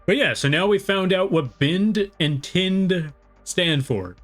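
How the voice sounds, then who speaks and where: A young American art streamer rambles casually to his viewers during a live drawing session, often joking about himself. His voice is high, slightly bright, and unhurried, with faint music in the background.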